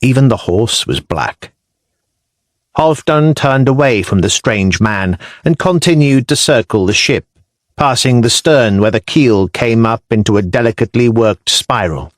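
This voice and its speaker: A man reading a historical audiobook in measured, descriptive storytelling, recorded on a close studio mic. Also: medium pitch, animated, dry recording. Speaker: audiobook narrator. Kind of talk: scripted narration.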